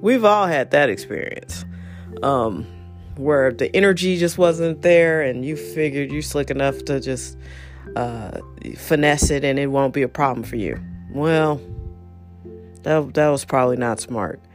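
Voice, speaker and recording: A woman's voice: extremely low pitch, a little slow, soft background music. A woman hosting a podcast in a casual, chatty monologue, confiding and speaking straight to her listeners. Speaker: podcast host.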